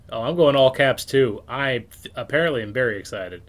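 A man's voice: medium pitch, normal speed, few pauses. Man, let's-play commentator, rambling and self-mocking, casual swearing. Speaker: game streamer.

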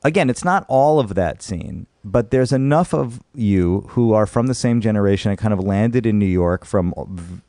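A low-voiced man hosts an interview. He builds his questions slowly, with restarts along the way. His voice sits dry and close to the mic. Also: dark tone, no room sound. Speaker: podcast host.

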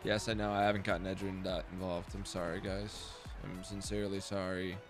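A young man giving loud, profane, self-mocking commentary while streaming a football video game. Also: low voice, level tone, a little fast, music in the background. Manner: profane, self-mocking trash talk with sudden outbursts. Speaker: gaming streamer. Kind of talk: live gameplay commentary.

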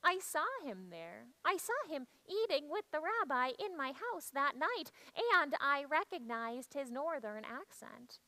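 Bright high-voiced woman telling a story. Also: sing-song, unhurried, hardly any pauses, rough recording. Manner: hushed, reflective storytelling. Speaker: church storyteller. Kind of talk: first-person dramatic monologue.

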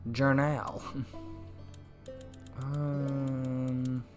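Brief: male gamer narrating his play, unhurried but excitable, jokes at himself, light music behind. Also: medium pitch. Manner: playful, excitable, self-mocking. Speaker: gameplay video creator. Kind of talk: casual gameplay commentary.

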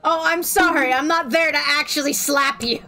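A woman's voice: high-pitched, steady tone, normal speed, pushed and bright, faint music behind. A woman streaming a game, chatting playfully and giggling with friends. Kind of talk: casual gaming chat.

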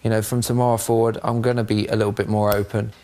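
Fast-talking earnest young man. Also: fairly low pitch, little pitch movement, mellow. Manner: earnest, rambling, self-reflective. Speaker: reality show contestant. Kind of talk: casual heart-to-heart chat.

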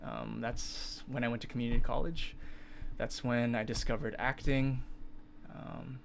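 A young man in his twenties, a streamer casually telling a story to his chat, animated and swearing freely, with loud incredulous outbursts. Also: mid-range voice, measured pace, vocal fry, a little hiss or hum. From California. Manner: swears freely, filler-heavy.

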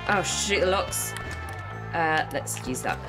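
A woman's voice: deep voice, animated, takes it slowly, over music. Chatty woman playing a game. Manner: chatty, self-mocking, talks to game characters. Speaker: gaming streamer. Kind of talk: casual gameplay commentary.

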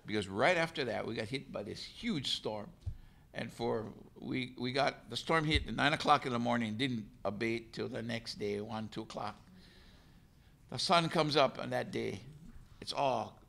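Gravelly man telling a story. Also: mid-range voice, moderate pace. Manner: animated storyteller, laughs and acts out voices. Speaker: canoe crew member. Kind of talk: storytelling talk.

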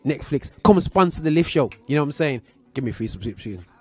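Slangy Birmingham man, husky voice. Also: on the high side, expressive, a little fast. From Birmingham, England. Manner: rambling, slangy, repeats filler phrases. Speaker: show host. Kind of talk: casual chat on a gospel show.

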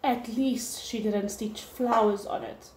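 A woman's voice: a little high, fairly even intonation, slow, darkish tone. A woman reading aloud, voicing a harsh, contemptuous male soldier with a clipped, sneering delivery, in an echoey room. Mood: scornful.

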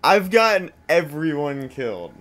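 A young man commentating on his horror game playthrough, swearing freely and reacting loudly to each turn. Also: fairly high pitch, sing-song, a little slow. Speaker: gameplay commentator. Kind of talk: let's play commentary.

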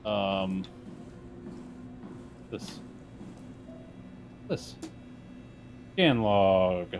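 Playful, slow-talking male streamer. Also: on the low side, animated, a little mellow. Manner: joking, playful, reads on-screen text aloud. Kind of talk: casual gameplay commentary.

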